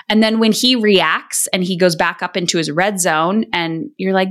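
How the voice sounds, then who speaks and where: A woman's voice: fairly low pitch, moderate pace, hardly any pauses, a bit bright. A woman hosting a parenting podcast, giving earnest, conversational advice and acting out what people say. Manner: earnest, conversational, acts out quoted lines. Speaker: podcast host and parenting coach. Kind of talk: casual advice talk.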